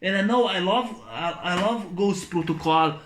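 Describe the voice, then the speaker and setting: A man's voice: high voice, moderate pace, a bit bright, a little hiss or hum. A man giving a casual spoken film review, rambling and repetitive, ranting with blunt swearing.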